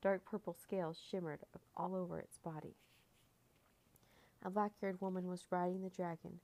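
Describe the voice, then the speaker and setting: Woman narrator, mellow and dark, measured storybook read-aloud. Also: fairly low pitch, flat delivery. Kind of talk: reading a children's chapter book aloud.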